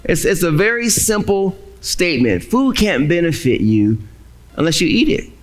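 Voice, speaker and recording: A male pastor preaching a sermon with dramatic pauses. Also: on the high side, sing-song.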